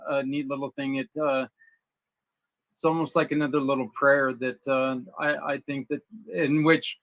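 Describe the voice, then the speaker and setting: A man chatting casually on a talk show in an easygoing, halting way. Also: medium pitch, level tone, fairly bright tone, no room sound. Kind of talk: casual chat.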